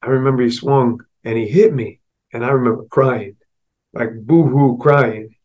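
A man hosts a motivational podcast and tells a personal childhood story at an ordinary pitch for a man. His delivery is loose and conversational, full of small asides to the listener. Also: fairly even intonation, normal speed, lo-fi sound. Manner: casual and conversational, with many asides like "right?" and "you know". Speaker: podcast host.

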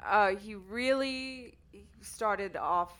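A woman co-hosts a relaxed podcast conversation. Her voice is bright and clear at a middle pitch. She chats in a loose way and leans on "like" a lot. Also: very slow. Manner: chatty, filler-heavy with frequent "like". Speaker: podcast co-host. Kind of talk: casual chat.

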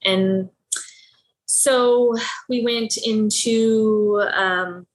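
A woman guest telling a personal story in an interview, candid and animated, laughing often and acting out what people said. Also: very slow, low-quality recording. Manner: animated, acts out her own past dialogue with lively pitch jumps. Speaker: podcast guest.

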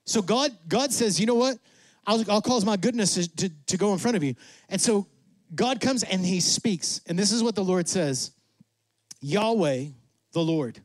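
A man preaching with a high voice and lots of energy. He acts out God and Moses in quick asides. The sound is dry and close. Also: no room sound. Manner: drops to a soft, low voice for emphasis. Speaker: pastor. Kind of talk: sermon.

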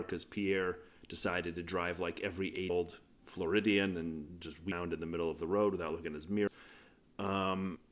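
A man co-hosting a podcast, chatting casually through a race recap and jumping from moment to moment. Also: sits low. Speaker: podcast co-host.

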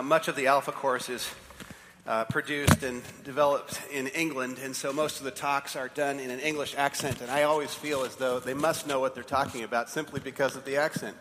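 A man's voice: medium pitch, a bit bright, a little hiss or hum. A man preaching as pastor in a conversational way, asking the congregation questions. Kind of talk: sermon. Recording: long church hall reverb.

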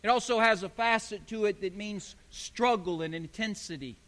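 A male pastor with a high, ringing voice preaches with emphasis, stacking repeated phrases. His sermon carries a long reverb from a large hall. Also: moderate pace, fairly bright tone.

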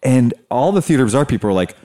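Male host, lively storyteller, wide pitch swings, plays out the quotes. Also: fast. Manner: animated storyteller, acts out quotes, laughs often. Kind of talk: casual chat, storytelling.

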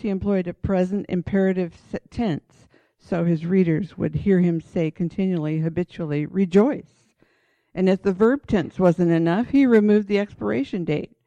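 A woman delivers a sermon-style Bible lesson, reading passages aloud and pressing her points home with earnest emphasis. Her voice is mellow and warm. The recording is dull and lo-fi, with a dry, close sound. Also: lowish voice, no echo. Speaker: Bible teacher.

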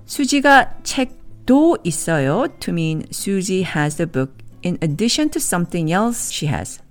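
A woman teaching a language lesson, explaining grammar in measured, clear scripted narration and repeating example sentences slowly. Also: lowish voice, big pitch swings, faint music behind.

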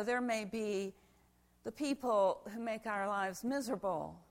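Gravelly-voiced woman pastor telling a story. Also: mid-range voice. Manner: animated storyteller, demonstrates with volunteers. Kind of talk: children's sermon with props.

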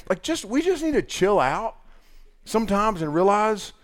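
A man's voice: high voice, very animated, moderate pace. A middle-aged man preaching a sermon in an earnest, conversational way, reading scripture and telling family stories. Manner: earnest, conversational preaching with many restarts and quoted asides. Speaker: pastor.

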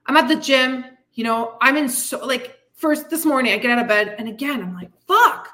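A woman with a high voice delivers a candid motivational monologue as a fitness coach, blunt and full of swearing. Her tone is bright and sharp, and she sounds frustrated as she vents. She talks straight to her listeners with tough love. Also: brisk. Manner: frustrated, venting. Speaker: fitness coach and podcast host.

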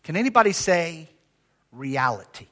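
Older male pastor, high-pitched, conversational sermon with call-and-response. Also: moderate pace. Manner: lively, conversational preaching with audience call-outs.

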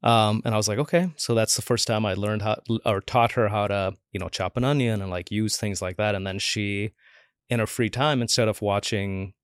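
A man in his forties speaks in a low, easygoing register as a podcast guest. He tells stories casually, slips into the voices of the people he quotes and leans on "like" as filler. The recording is close and dry, with no room sound. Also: steady tone, normal speed, clean tone, no echo. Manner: chatty, acts out quoted voices, many "like" fillers. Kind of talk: casual interview storytelling.

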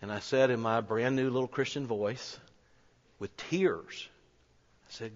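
A male pastor with a mid-range voice delivers a sermon as a personal story, earnest and conversational at a measured pace. The recording is dull and lo-fi, made in an echoey hall.

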